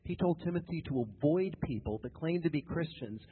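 A male preacher delivers a sermon that's emphatic and repetitive, tossing joking asides to the congregation. His voice is on the high side, expressive, slightly rough and a little fast. The capture is tinny and lo-fi, with long reverb from an echoing church hall.

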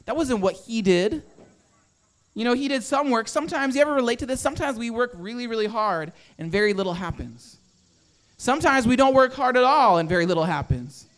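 A man's voice: extremely high pitch, lively intonation, a little fast, a bit bright, no room sound. A man preaching a conversational sermon, full of rhetorical questions and acted-out quotes. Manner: acts out quoted inner voices. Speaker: pastor.

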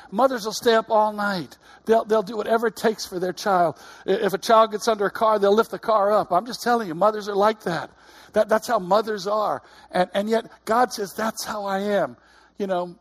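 A middle-aged man giving a conversational sermon, earnest, often repeating his words. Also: high voice. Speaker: preacher.

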